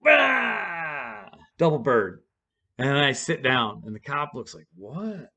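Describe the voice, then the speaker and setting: A man's voice: medium pitch, normal speed, pushed and bright. A man at home telling a personal story to his camera in a rambling, profane, casual way, full of fillers and restarts.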